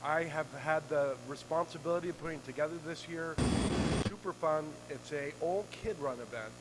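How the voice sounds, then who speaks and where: A man's voice: a little high, moderate pace. Man making announcements in a noisy room. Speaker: club member making announcements. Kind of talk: announcements at a meeting.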